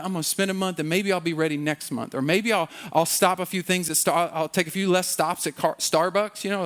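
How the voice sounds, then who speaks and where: Man, pastor, sermon, casual preaching, quick asides, hushed prayers, high-pitched voice. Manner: drops to a low, soft voice in prayer. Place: church.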